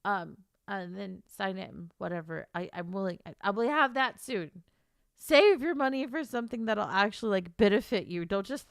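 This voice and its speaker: A woman's voice: a little high, vocal fry, clear, resonant tone, no echo, clean studio sound. A young woman streaming casually to her chat, teary and stuffed up, laughing through her tears and swearing.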